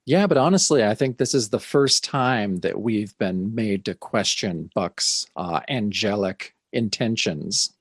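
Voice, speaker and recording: Husky man recapping a comic. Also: lowish voice, unhurried, hardly any pauses, no room sound, studio quality. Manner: animated, acts out dialogue. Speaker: podcast co-host. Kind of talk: casual comic book discussion.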